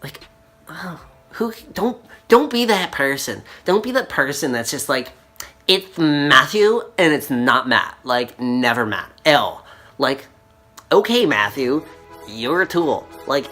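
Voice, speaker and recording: A man's voice: medium pitch, a bit bright. Young male vlogger, casual mocking rant, heavy on slang, faint music under.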